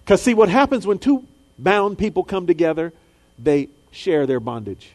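A man preaching a sermon, dropping low and soft, then rising high and loud, and acting out the voices of people in his stories. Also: sing-song, normal speed. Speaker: pastor.

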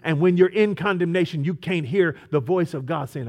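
A man preaching a sermon, moving between quiet storytelling and loud, emphatic preaching with repeated rhetorical questions. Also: fairly high pitch, animated, a little fast, few pauses.

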